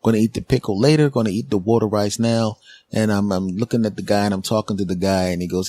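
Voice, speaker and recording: A man rambles through a comic monologue, joking at his own expense. His voice sits a little low. The recording is close and dry. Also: steady tone, fast talker, mellow, no room sound. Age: 40s. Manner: joking, rambling, self-mocking. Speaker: podcast host. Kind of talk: comedic monologue.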